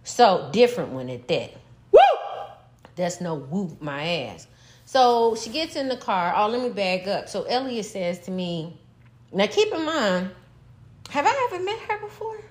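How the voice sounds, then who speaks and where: A middle-aged woman telling a story in casual chat, animated and profane, breaking into laughter. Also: medium pitch, a little slow, slight background noise. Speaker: podcast co-host, mother.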